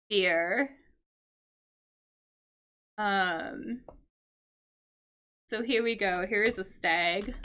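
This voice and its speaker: In a casual livestream lesson, a woman teaches English vocabulary by solving a crossword, explaining patiently with fillers and check-in questions. Her mid-range voice is bright and forceful.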